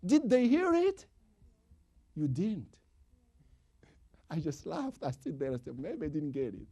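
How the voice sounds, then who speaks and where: A male preacher delivering a sermon in non-native English, swinging from emphatic calls to hushed whispers and repeating lines for emphasis. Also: high voice, big pitch swings, moderate pace, long pauses.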